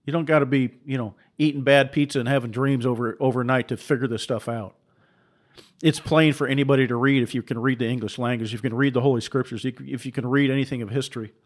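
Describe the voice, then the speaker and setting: A man's voice: mid-range voice, fairly even intonation, quick pace. A man preaching with heated, repetitive rhetoric and rhetorical questions, often stumbling into restarts. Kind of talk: impassioned preaching commentary.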